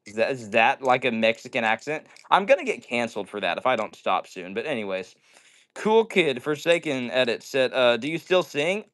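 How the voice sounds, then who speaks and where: A man's voice: mid-range voice, big pitch swings, moderate pace, a bit bright. A man hosting a casual indoor livestream, joking around and reading viewer comments aloud. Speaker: livestream host. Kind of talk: casual live-stream chat.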